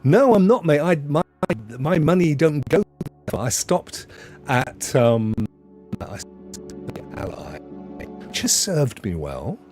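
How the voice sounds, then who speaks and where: A man's voice: a little high, sing-song, slow, darkish tone, soft background music. A middle-aged man hosting a casual livestream, rambling through jokey chat and talking straight to his viewers. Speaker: livestream host.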